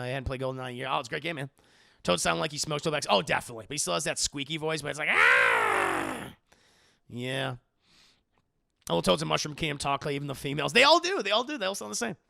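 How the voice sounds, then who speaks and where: A man chatting casually on a livestream, swearing freely and loudly imitating game lines. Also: a little high, vocal fry, no echo, clean studio sound. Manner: profane, animated, quoting game lines in loud voices. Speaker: streamer answering viewer questions.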